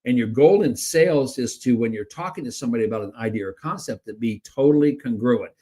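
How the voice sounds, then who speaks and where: A podcast co-host and sales trainer teaches selling in casual conversation, speaking fast and with energy. He often repeats words as he starts a sentence and acts out both excited and flat sales pitches.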